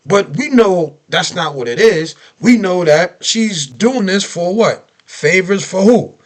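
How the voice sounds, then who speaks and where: Man with a high voice, AAVE speech, heated reaction rant, repeats points, fires off rhetorical questions. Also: takes it slowly. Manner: animated, ranting, repeats himself, rhetorical questions. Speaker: reaction video host. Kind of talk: heated political reaction commentary.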